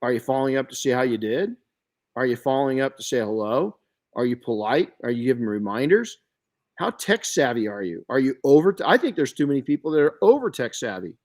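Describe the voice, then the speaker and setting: A middle-aged man hosting a podcast, chatting casually and telling stories in an animated way, often restarting his sentences. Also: medium pitch, fairly quick. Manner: storytelling, animated, frequent restarts and self-corrections. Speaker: podcast host.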